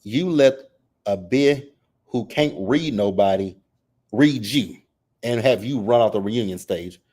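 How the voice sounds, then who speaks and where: A man hosting a casual reality TV recap, reading chat comments and reacting in a sassy, animated way. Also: unhurried. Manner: sassy, animated, mimics cast members with exaggerated high voices; repeats phrases for emphasis.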